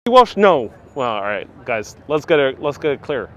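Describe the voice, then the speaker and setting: A man's voice: mid-range voice, very animated, moderate pace, highs cut off. A man hosting a casual live-stream walking tour outdoors on city streets, chatting away and reading out viewer comments with frequent laughs. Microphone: wireless clip-on mic with phone on gimbal.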